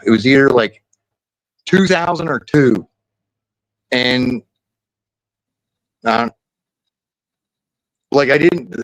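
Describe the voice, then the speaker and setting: A man's voice: mid-range voice, no echo, low-quality recording. A man streaming casually, telling rambling, crude jokes and stories with lots of restarts. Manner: rambling, crude joking banter with frequent restarts. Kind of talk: casual chat.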